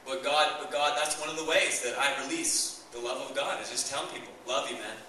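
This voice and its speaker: Young guy pastor preaching, bright excited voice, church hall echoing, mic kinda far. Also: mid-range voice, brisk, a little hiss or hum. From Canada. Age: young adult. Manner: enthusiastic, conversational preaching. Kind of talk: sermon.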